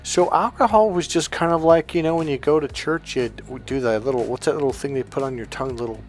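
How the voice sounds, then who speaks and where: A man's voice: fairly high pitch, fast talker, a little mellow. A man, a life coach, telling a story to his viewers in a rambling, chatty way full of fillers and restarts. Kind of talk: casual storytelling monologue to viewers.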